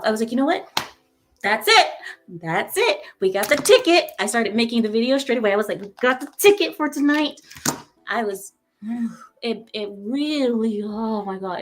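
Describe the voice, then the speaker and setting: A woman hosting a reaction commentary, ranting in a heated, emphatic way and repeating herself. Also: a little high. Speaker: commentary channel host.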